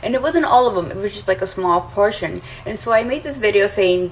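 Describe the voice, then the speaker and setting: A woman's voice: mid-range voice, creaky, a little hiss or hum, low-quality recording. A woman content creator talking to camera in a casual, exasperated monologue, saying 'like' often. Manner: chatty and exasperated, uses 'like' a lot. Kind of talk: casual social media monologue.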